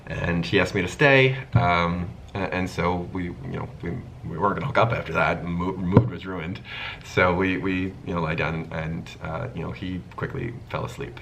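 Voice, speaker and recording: A man's voice: low voice, moderate pace, creaky, background noise. A man hosting his own channel, telling a casual storytime and acting out the people in it as he goes. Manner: animated storytelling, acting out the dialogue. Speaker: YouTube host.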